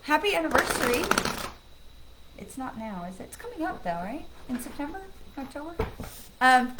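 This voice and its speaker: This psychic medium has a high voice and a measured pace, pausing often, while heavy background noise fills the recording. She does a live-stream card reading in casual, reassuring chat, often adding "okay?" and "right?", and laughs loudly and excitedly as she greets friends.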